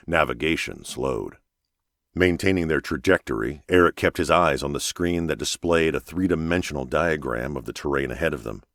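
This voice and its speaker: This is a dry, close recording with no room sound, in which a man with a very deep, low voice narrates a thriller. His scripted audiobook reading is even and measured.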